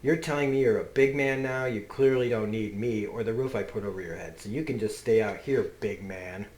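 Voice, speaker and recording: A man's voice: lowish voice, a little fast, a little mellow, close to an everyday voice. A man reading out a comic's bitter, cruel father who taunts and berates his son, in a contemptuous tone. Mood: scolding. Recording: roomy echo.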